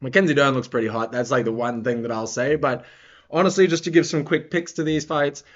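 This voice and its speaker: A man's voice: mid-range voice, fairly quick, highs cut off. A man giving casual, rambling reaction commentary on fights as a vlogger. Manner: rambling, excitable.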